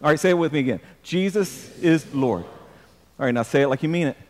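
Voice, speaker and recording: A pastor delivers an emphatic sermon, often repeating words and calling on the congregation to answer back. His voice sits high for a man. The sound rings with the long reverb of a church hall. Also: animated, a little fast.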